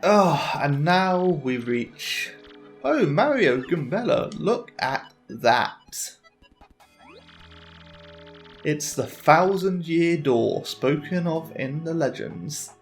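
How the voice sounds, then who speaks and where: A man voicing an excitable old professor, reading game lines in a slow, awed way. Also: on the high side, soft background music, full character voice.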